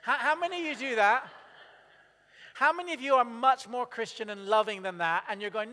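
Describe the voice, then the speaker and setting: Speaking briskly in a bright, pushed, high-pitched voice, a pastor preaches casually to his congregation. He keeps posing questions and acting out small quotes, and the church hall gives his voice a long, ringing reverb.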